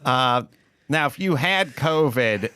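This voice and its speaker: A man's voice: medium pitch, animated, takes it slowly, bright, forceful tone, clear, resonant tone, dry recording. A male podcast host riffing in casual comedic chat, rambling and sardonic.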